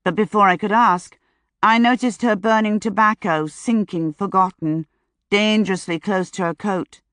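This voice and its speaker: A woman narrating a first-person audiobook in a measured, dryly wry manner, close to the mic. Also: medium pitch, steady tone, fairly bright tone, smooth, dry recording.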